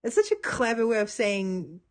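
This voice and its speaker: A woman's voice: mid-range voice, big pitch swings, moderate pace. A woman hosting a solo podcast, thinking aloud in a casual, hesitant way with frequent fillers and restarts, amused by what she discusses. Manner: amused, laughs between points. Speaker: podcast host reviewing a TV episode. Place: at home by her computer.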